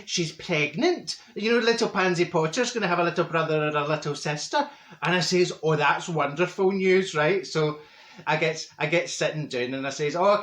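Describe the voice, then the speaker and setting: A man's voice: fairly high pitch, fairly bright tone, reverberant, close to an everyday voice. A man playing a chatty, straight-talking middle-aged Glasgow woman with a Glaswegian accent, rambling through gossip and mixing up big words in a comic monologue. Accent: Glaswegian Scottish. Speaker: comedy character monologue. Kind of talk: comic storytelling to camera.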